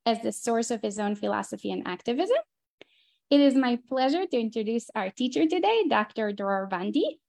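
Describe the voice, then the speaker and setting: A woman's voice: a little high, darkish tone. A woman hosting an online class, reading the speaker's introduction with frequent "uh" fillers. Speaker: host. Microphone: video call.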